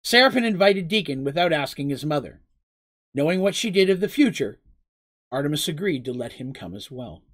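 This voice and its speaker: A storyteller reading a fantasy story aloud with expressive delivery, sometimes turning aside to talk to listeners directly. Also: medium pitch, fairly quick.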